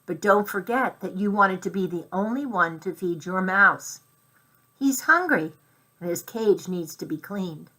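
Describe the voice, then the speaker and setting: A woman voicing a kind, calm middle-aged aunt who speaks gently, in a children's storybook reading. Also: mid-range voice, a little slow.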